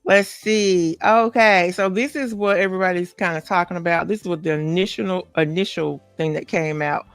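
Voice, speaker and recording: A woman's voice: lowish voice, fairly even intonation, moderate pace, few pauses, clear, resonant tone, no echo, soft background music. A woman hosting a celebrity gossip podcast in casual chat, talking straight to her viewers with many asides. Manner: chatty, talks straight to viewers, many asides and "okay?" tags. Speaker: podcast host.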